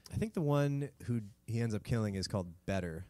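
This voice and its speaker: A man's voice: on the low side, animated, fairly quick, mellow, no echo. Jokey man on a dry podcast mic. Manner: jokey, swears, slips into silly quoted voices. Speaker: podcast co-host. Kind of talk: casual comedic history chat.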